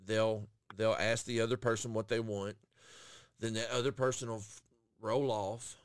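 A man's voice: on the low side, level tone, moderate pace, clear, resonant tone, dry recording. A man hosting a podcast, telling crude, profane rant stories in casual chat. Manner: profane, ranting storyteller. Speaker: guest podcast host.

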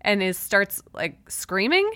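A woman's voice: mid-range voice, takes it slowly, dry recording. A woman co-hosting a podcast in casual chat, recapping a movie and laughing often. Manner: laughs often, playful and animated. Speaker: podcast co-host.

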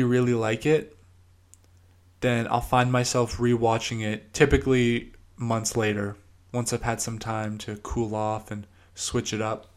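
A man's voice: medium pitch, clean tone. Rambling young man chatting solo. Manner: rambling, lots of "like" fillers. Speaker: podcast host. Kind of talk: casual solo monologue.

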